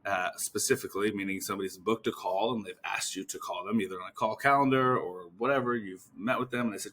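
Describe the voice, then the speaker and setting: A male podcast host and physical therapist coach, with a fairly low voice and bright tone, gives casual coaching talk. He's animated, acting out phone calls in quick voices, and swears now and then.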